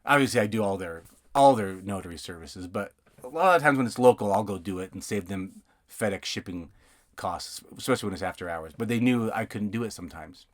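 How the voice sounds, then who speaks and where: A man's voice: lowish voice, expressive, fairly quick. A man hosting a podcast, telling work stories in a loose, rambling way from inside a parked van. He stumbles over and repeats his words, and he slips into other people's lines as he recounts them. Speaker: podcast host and notary. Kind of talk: casual storytelling monologue.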